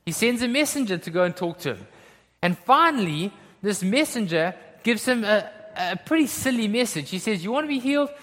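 His high-pitched voice has a sing-song quality, a moderate pace and a fairly bright tone as this pastor preaches conversationally. He often checks in with listeners with "okay?" and "right?", and a long hall reverb fills the recording.

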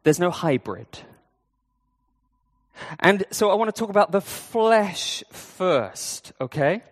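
A man delivers a sermon in a loose, conversational style, pausing and restarting as he goes. His voice sits a touch higher than most men's, and it rings with the long reverb of a church hall. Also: sing-song. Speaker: preacher.

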